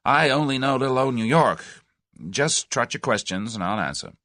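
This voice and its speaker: A man's voice: mid-range voice, animated, moderate pace, dry recording, clean studio sound, voice pushed up, close to an everyday voice. A man voicing a blunt, pugnacious American man in his thirties, with an American accent, in an audiobook. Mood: gruff. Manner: blunt, forceful, folksy.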